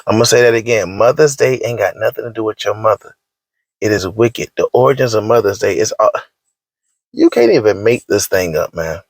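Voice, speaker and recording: In a dry recording, an online commentator with a fairly low, expressive voice and vocal fry talks fairly quickly. He delivers a slangy, scolding rant, emphatically repeating himself to hammer his points home.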